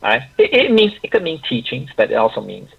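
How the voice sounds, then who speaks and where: A man teaching an online class, talking in a halting way with many restarts and frequent "okay, right?" check-ins. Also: medium pitch, wildly swooping pitch, vocal fry, husky, phone-quality sound.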